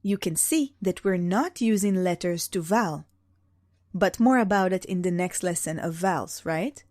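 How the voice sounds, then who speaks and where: A woman's voice: fairly low pitch, a little mellow, no room sound, clean studio sound. A young woman teaching beginners how to read, explaining patiently and drawing out example sounds. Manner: patient, drawn-out demonstrations of sounds. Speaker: Hebrew teacher.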